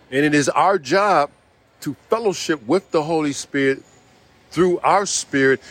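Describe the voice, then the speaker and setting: A man's voice: a little high, fairly bright tone. Emphatic man preaching a sermon. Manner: repetitive, emphatic preaching with frequent "see".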